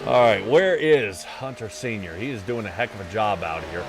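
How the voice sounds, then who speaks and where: A man's voice: lowish voice, animated, moderate pace, noisy background. A man doing casual, chatty play-by-play for a sim racing broadcast, often trailing off and laughing.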